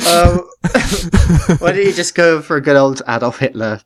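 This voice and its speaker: A man's voice: a little high, lively intonation, measured pace, crowd noise. A man co-hosting a casual podcast chat, wry and crude, laughing often. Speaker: podcast co-host.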